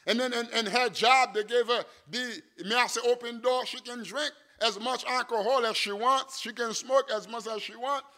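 A man preaching a sermon, swinging from loud emphatic lines to quiet storytelling. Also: very high-pitched, fairly even intonation, normal speed, hardly any pauses. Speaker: missionary preacher.

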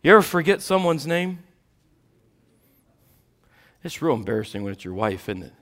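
A middle-aged man preaching a sermon, swinging between quiet, intimate asides and loud, impassioned peaks. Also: a little high, big pitch swings, moderate pace.

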